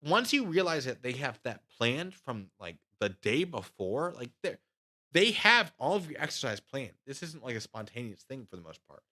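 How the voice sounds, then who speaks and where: A man's voice: mid-range voice, moderate pace. A man in his thirties telling army training stories to his live chat in a casual way, acting out the other voices. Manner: animated, acts out voices with loud shouts. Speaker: channel host recounting army training.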